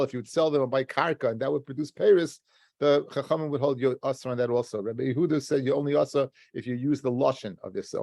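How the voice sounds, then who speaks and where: A man with a gravelly, dark voice teaches a daily Talmud lesson in a dry, close-sounding room. He works through the text step by step, stumbling and restarting words as he talks to his students. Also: mid-range voice, dry recording. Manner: explains step by step, restarts words, addresses listeners as guys.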